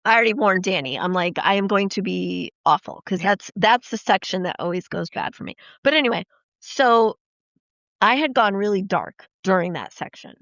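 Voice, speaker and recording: A woman hosting a podcast, telling profane, lively stories in casual chat and acting out the quoted lines. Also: medium pitch, normal speed, no echo. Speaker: podcast host. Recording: dull, dry lo-fi podcast audio.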